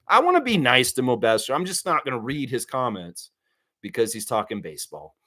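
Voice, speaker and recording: A man's voice: medium pitch, brisk. A man hosting a live stream, talking casually and reading viewers' chat comments aloud, with blunt, profane opinions. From United States. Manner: animated, profane, talks straight at viewers.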